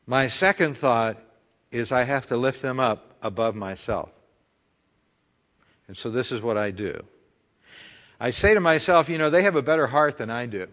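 A man's voice: medium pitch, expressive, normal speed, pauses often, a bit bright, big-room sound. A male pastor preaching a conversational sermon full of rhetorical questions.

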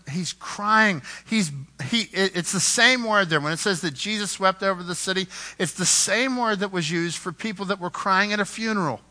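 Male pastor, sermon, very bright tense voice, a bit high, rises loud then goes hushed. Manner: impassioned, swings from loud emphasis to hushed; repeats words when building a point.

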